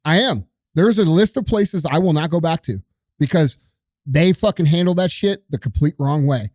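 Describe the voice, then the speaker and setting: A man's voice: on the high side, expressive, normal speed, dry recording. Guy going off at the audience, swearing, dry close sound. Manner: forceful, profane, lecturing. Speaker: podcast host. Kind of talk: opinionated rant.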